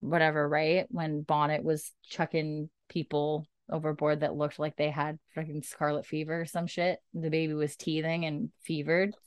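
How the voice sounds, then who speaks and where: Chatty woman retelling scenes, lowish voice. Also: normal speed, hardly any pauses, smooth, no room sound, clean studio sound. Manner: animated, casual and profane, acts out dialogue in a raised voice. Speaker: podcast co-host recapping a TV episode. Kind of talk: casual chat, retelling scenes with quoted voices.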